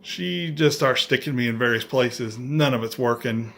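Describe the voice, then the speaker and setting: A middle-aged vlogger tells a story casually and with animation, using dry, self-mocking humor and acting out other people's lines. He speaks at a moderate pace in a creaky, medium-pitched voice.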